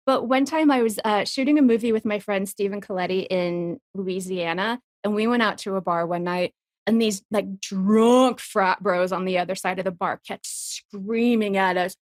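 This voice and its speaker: A woman co-hosting a podcast in casual chat, animated and quick with laughs, acting out the people she quotes. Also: medium pitch, no echo, studio quality. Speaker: podcast co-host.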